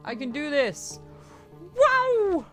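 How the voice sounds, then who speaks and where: A woman's voice: mid-range voice, sing-song, a little slow, fairly bright tone, faint music behind. A young woman giving casual commentary as she plays a video game, chatty and swearing, laughing at the game. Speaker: gameplay streamer. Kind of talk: casual let's-play commentary.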